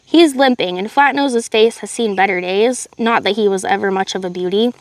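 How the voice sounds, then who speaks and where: A woman doing a rasping, taunting male thug. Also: medium pitch, moderate pace, dry recording, close to an everyday voice.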